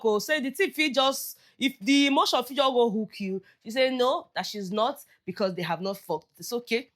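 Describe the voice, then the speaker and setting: A woman's voice: fairly high pitch, normal speed, few pauses. A woman with a Nigerian accent chatting through a reality show recap, slipping into Pidgin phrases as she goes. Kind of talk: casual commentary.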